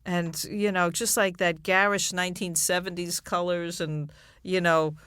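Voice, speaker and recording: Wry New woman, bright tone. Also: fairly low pitch, level tone, unhurried, clean tone, no room sound, studio quality. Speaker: guest. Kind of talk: casual chat.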